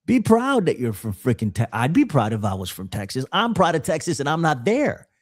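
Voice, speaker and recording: A man with a New York accent talks in a loose, excitable podcast chat. His voice sits a little higher than most men's, and he tumbles over repeated words and drops casual curses as he goes. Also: brisk, dry recording, clean studio sound. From New York, the Bronx. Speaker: podcast guest.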